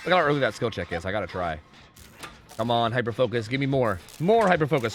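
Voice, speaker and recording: A man streaming a game live and chatting with viewers, excitable and profane, swinging between loud pleading and low mumbling. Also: fast. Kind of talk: live gaming commentary with chat.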